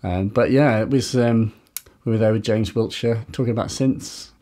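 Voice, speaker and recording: A man with a fairly low voice talks loosely on a podcast. He rambles, restarts his sentences and fills the gaps with "like". He comes from northern England and has spent years in London. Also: normal speed, mellow. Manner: rambling, self-interrupting, lots of "like". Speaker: podcast guest. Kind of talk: casual podcast conversation.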